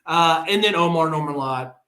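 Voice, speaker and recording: A man co-hosting a podcast, talking excitedly in a casual, rambling way with lots of restarts. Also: fairly high pitch, moderate pace, roomy sound, a little hiss or hum. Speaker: podcast co-host. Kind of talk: casual sports chat.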